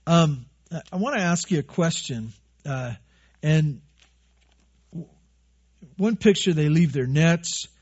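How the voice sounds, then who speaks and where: A pastor preaches in a loose, conversational way, cracking jokes and firing off rhetorical questions at his congregation. His voice sits fairly high for a man and has a husky edge. The recording sounds dull and lo-fi. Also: expressive, slow pace, pauses often, darkish tone. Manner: conversational, joking, asks many rhetorical questions. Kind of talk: sermon.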